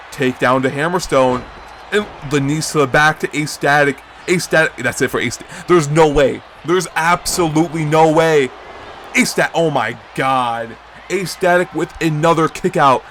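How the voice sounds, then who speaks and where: Excitable young man calling wrestling play-by-play. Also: a little slow, slight background noise. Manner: bursts into high shouting at big moves, with asides to viewers. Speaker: commentator of a video game wrestling league.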